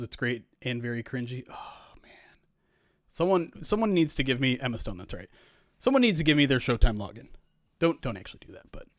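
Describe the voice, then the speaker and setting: A man's voice: medium pitch, a bit bright, dry recording, clean studio sound. A man hosting a live stream in casual chat, reading viewer comments and rambling as he often restarts his sentences. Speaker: streamer host.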